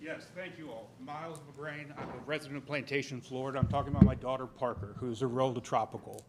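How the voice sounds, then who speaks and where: A man's voice: medium pitch, fairly even intonation, fast, over a noisy crowd. A man speaking as a parent during public comment at a school board meeting, emotional and pleading.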